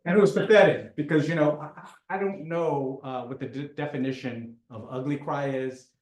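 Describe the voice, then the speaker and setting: A man telling a personal story in a halting way, often repeating words, with dark self-mocking humor. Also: medium pitch, steady tone, roomy sound.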